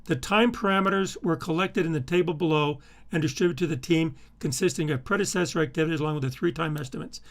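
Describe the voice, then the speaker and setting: A middle-aged male instructor talks through a recorded lesson in a slightly high voice. He speaks haltingly, repeating words and filling pauses with "uh" while he clicks between files. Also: creaky. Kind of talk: recorded screen-share lecture.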